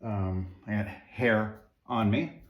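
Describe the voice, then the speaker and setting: A man with a lowish, fairly even voice takes his time explaining how he trims his beard at home. The vlogger's casual how-to chat, recorded in an echoey room, is full of fillers and side comments.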